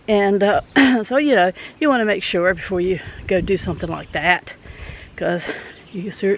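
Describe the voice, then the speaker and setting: A woman in casual vlog chat, out of breath and talking in a folksy, rambling way. She speaks earnestly to her viewers from outdoors after coming in from the garden. Her voice sits at an everyday middle pitch. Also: a little hiss or hum, rough recording. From southern United States. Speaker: vlogger host.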